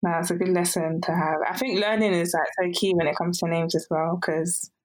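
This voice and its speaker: A young woman with a British accent hosting a podcast interview in a relaxed, laughing, slangy way. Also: lowish voice, fairly quick. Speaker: host.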